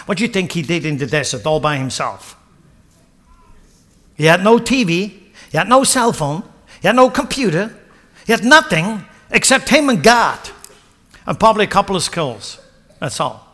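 A man's voice: high voice, fairly bright tone. A male pastor preaching a sermon, dramatic and acting out the voices of people in the scripture. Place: church hall. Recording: long reverb of a church hall.

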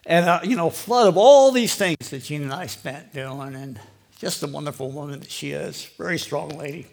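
Older man, gravelly husky voice sitting a bit high, rambling testimony for a church crowd. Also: normal speed, a little mellow. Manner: rambling and conversational, full of "you know". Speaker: lay preacher giving a testimony. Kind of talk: personal testimony to a live audience.

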